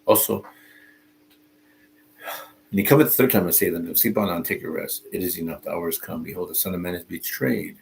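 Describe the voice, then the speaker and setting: A man's voice: deep voice, fairly even intonation, vocal fry, a little hiss or hum, rough recording. A man reading a Bible passage aloud, stopping often to add informal comments of his own. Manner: reads slowly and pauses to comment, informal asides. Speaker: Bible teacher.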